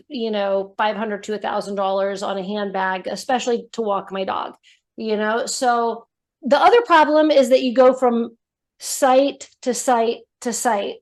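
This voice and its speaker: A woman guest on a podcast, telling her story in a casual, animated way, with lots of "like" and "you know". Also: a little high. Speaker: guest, brand founder.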